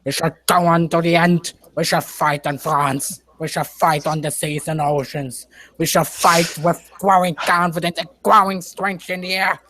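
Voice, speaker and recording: A man's voice: fairly high pitch, steady tone, moderate pace, sharp tone. A man putting on a solemn wartime prime minister's speech, reading it as grand oratory.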